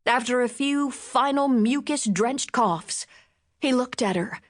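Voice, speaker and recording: A woman narrating a novel in measured, expressive storytelling. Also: sits high. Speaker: audiobook narrator. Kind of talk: scripted audiobook narration.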